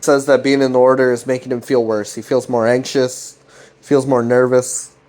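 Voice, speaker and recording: A man's voice: mid-range voice, little pitch movement, normal speed, a little mellow. Rambling young man recapping casually. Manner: rambling, swearing, many restarts. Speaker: host.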